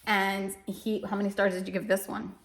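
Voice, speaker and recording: A woman's voice: medium pitch, flat delivery, moderate pace, gravelly. A woman chatting casually about her family's reading, rambling a little and correcting herself as she goes. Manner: emotional, self-deprecating. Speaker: homeschooling parent reviewing books. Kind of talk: casual chat.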